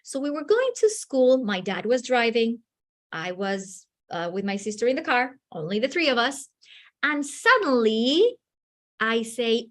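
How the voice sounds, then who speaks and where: Woman, teacher trainer, lively swooping voice, fairly high, acts out quoted dialogue. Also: measured pace. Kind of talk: teacher training talk with acted anecdotes.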